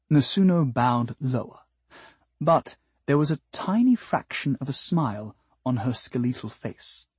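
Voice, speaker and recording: A man narrating an audiobook in a dry, measured storytelling manner. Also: mid-range voice, a little mellow, slightly rough, no echo.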